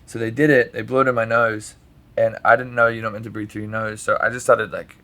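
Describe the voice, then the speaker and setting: A man with a bright, forceful voice tells a rambling personal story on a podcast, swearing freely and filling his talk with "like". His telling is animated, and he laughs a lot as he goes. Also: fairly low pitch, a little fast. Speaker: podcast guest. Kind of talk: casual storytelling chat.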